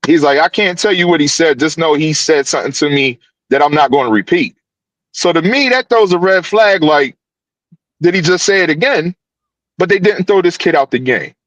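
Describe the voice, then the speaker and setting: A youth football coach telling a story on a podcast over a video call, animated and full of restarts. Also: male voice, on the high side, normal speed, dry recording, poor audio. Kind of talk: casual podcast guest recounting events.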